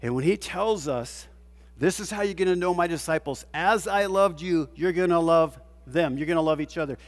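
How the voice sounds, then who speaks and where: In what sounds like a vast hall with lingering echo, a male preacher with a rather high voice delivers a forceful sermon at moderate speed, peppering listeners with rhetorical questions and dropping nearly to a whisper before building back up.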